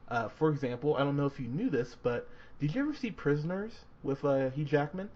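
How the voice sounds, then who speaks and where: A man's voice: fairly high pitch, animated, a little fast, a little mellow. A man co-hosting a movie review podcast, chatting casually and animatedly, swearing and laughing often with lots of fillers. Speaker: podcast co-host. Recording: dull lo-fi podcast audio with faint noise.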